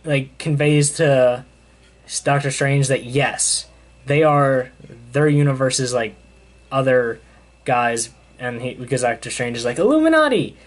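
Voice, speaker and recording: A man's voice: mid-range voice, flat delivery, unhurried. A young man casually recapping a comic in a loose, rambling way with lots of fillers. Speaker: comic book reviewer. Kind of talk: casual chat.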